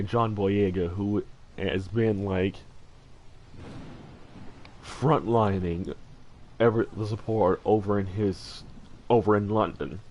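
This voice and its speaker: A man's voice: on the low side, steady tone, takes it slowly, long pauses, a little mellow, poor audio. A man streaming a game and chatting casually, earnest and heartfelt, rambling with lots of fillers and restarts. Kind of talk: casual livestream chat while gaming.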